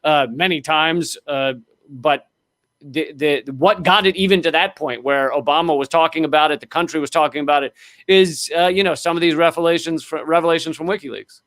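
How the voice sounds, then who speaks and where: A man's voice: fairly high pitch, a little fast, fairly bright tone, dry recording, clean studio sound. A man hosting a casual political comedy chat, wry and loose, with lots of fillers. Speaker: host.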